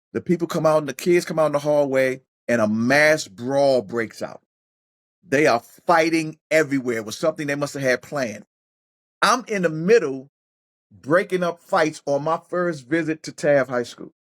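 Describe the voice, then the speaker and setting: A man's voice: fairly high pitch, moderate pace. A middle-aged man, a former football player turned coach, telling personal stories as a podcast guest, often restarting his words. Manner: animated storyteller who acts out other people's voices; repeats and restarts words while thinking. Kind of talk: casual storytelling interview.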